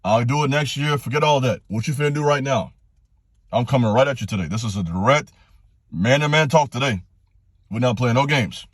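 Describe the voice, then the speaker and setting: A man delivering a fired-up motivational monologue, hammering the same commands over and over. His voice sits at an average pitch and jumps much higher when his passion peaks. The sound is dry and close, with no room echo. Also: brisk. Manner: direct, preachy, repetitive exhortations, rising to passionate pitch. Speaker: channel host giving motivational talks.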